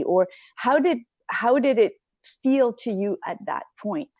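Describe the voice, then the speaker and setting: A woman hosting a podcast interview, asking thoughtful questions that she searches for with pauses. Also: fairly high pitch, lively intonation, a little mellow, no echo, studio quality. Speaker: podcast host. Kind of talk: interview conversation.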